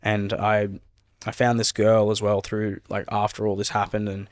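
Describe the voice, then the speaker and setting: A man's voice: lowish voice, monotone, normal speed. A young man, a podcast guest, earnestly recounting a personal story in a rambling way, saying "like" often. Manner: earnest, rambling, heavy use of "like".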